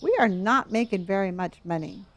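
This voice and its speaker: Her voice sits in the mid range, a bit bright, at a moderate pace. Playing a game on a live stream, she chats casually, keeps up playful commentary, and thanks viewers by name, calling them honey and dear.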